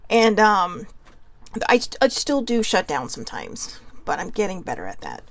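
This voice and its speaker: A woman's voice: medium pitch, huge pitch swings, normal speed. A woman hosting a casual self-help talk, chatty and goofy, laughing often and a little nervous. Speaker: podcast host.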